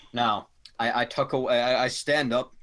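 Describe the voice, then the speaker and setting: A man's voice: mid-range voice, a bit bright. A young man playing a tabletop game, hamming up his character in a playful way. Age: young adult. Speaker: player. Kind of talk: casual tabletop role-play.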